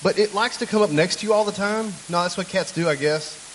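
Chatty joking pastor preaching a sermon. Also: male voice, high-pitched, brisk, a bit bright, a little hiss or hum, rough recording. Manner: chatty, joking storyteller who talks to the congregation. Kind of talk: conversational sermon. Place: church.

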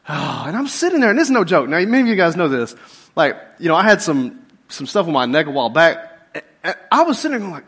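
A middle-aged man, a pastor, telling a funny personal story in a sermon and swinging from loud outbursts to hushed asides. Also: high-pitched, big pitch swings, fast, husky. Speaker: pastor and police chaplain.

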